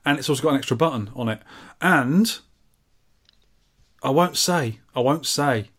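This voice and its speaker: A man's voice: mid-range voice, normal speed, slightly rough. A man co-hosting a retro gaming podcast, reading out listener messages and trading dry, teasing remarks. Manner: dry, teasing, deadpan asides. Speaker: podcast co-host. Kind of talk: casual chat, reading listener mail.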